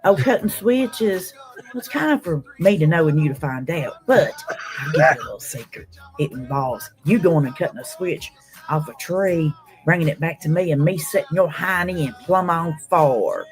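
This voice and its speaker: A woman's voice: sits low, animated, normal speed, faint music behind. A woman doing a comedy skit as a sassy, blunt older customer service lady with a drawl. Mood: scolding.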